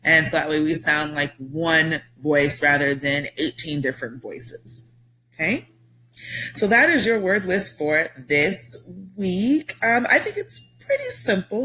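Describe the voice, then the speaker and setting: A woman's voice: low-pitched, fairly bright tone, a little hiss or hum. A woman teacher giving a recorded vocabulary lesson to her students, explaining patiently step by step with frequent ums.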